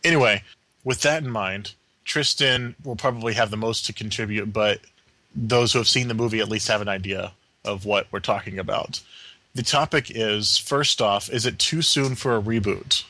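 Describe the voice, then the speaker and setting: A man's voice: on the low side, normal speed, sharp tone, no echo. A man hosting a podcast, laying out the topics in casual talk. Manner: lays out topics, teasing. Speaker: podcast host. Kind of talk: casual group chat.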